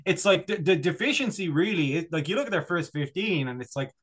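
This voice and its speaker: A man's voice: fairly high pitch, animated, brisk, a bit bright, breathy edge. A man from Ireland, a podcast co-host chatting casually, rambling and joking with lots of fillers and restarts. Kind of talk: casual chat.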